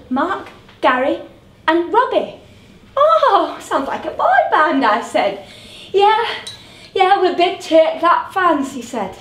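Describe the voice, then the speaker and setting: A woman's voice: high-pitched, a little hiss or hum. A woman playing a lonely grown woman, a drunk, who keeps repeating herself in a stage monologue. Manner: halting, repeats her words. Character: lonely grown woman, a drunk, waiting for her late dad. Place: theatre stage. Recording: roomy theatre heard from a distance.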